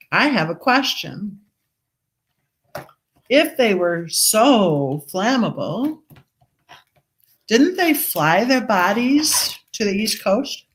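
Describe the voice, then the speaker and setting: A woman's voice: mid-range voice, slight background noise. A woman hosting a casual true crime livestream, reading viewer comments aloud and questioning the story, talking while she eats. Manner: skeptical, questioning. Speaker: true crime channel host.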